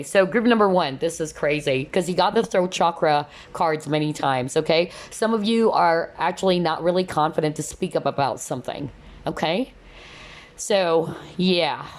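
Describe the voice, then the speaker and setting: A woman giving a casual tarot card reading to viewers, losing her voice, chatty and full of "kind of, like" and "okay?". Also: low-pitched.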